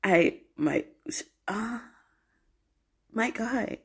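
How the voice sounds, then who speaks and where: A woman in her twenties telling a story as a podcast host, animated and slangy, laughing often. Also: a little high, very slow, breathy edge. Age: 20s. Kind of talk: casual storytelling monologue.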